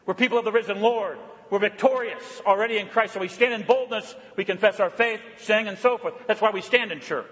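A man preaching a sermon as pastor, emphatic and repetitive, often dropping to a quiet, intense delivery. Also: sits high, fairly quick, few pauses, in a large hall.

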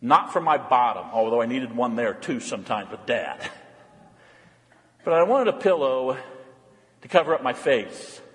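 A man's voice: medium pitch, sing-song, normal speed, long pauses, long reverb tail. A man preaching a Lent sermon, earnest and pleading, sometimes putting on mocking quoted voices. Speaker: pastor.

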